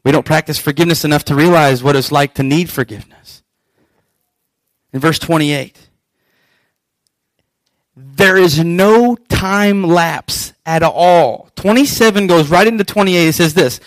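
A man preaching a sermon as pastor, animated and acting out scripture scenes. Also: a little high, measured pace, no room sound, low-quality recording.

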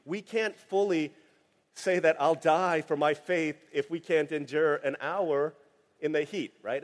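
A man preaching a sermon in a relaxed, conversational way, telling a family story with many fillers. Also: a little high. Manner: conversational, anecdotal, frequent fillers. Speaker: pastor. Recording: long hall reverb.

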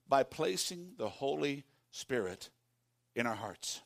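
A man preaching a sermon as pastor, calling on the congregation to repeat lines after him and swinging from hushed tones to shouts. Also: mid-range voice, very animated, takes it slowly, creaky. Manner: calls for congregation responses.

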